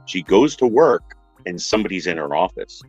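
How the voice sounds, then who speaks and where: Low-voiced man telling a story casually. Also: fairly quick, no echo, highs cut off, soft background music. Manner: animated retelling, acts out quoted voices. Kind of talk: casual storytelling on a podcast panel.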